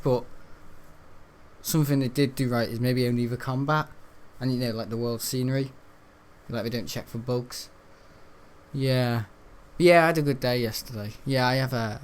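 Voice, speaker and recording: Chatty teen gamer. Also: male voice, medium pitch. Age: teens. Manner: rambling, chatty, grumbling. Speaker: gaming channel host. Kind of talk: casual gameplay commentary.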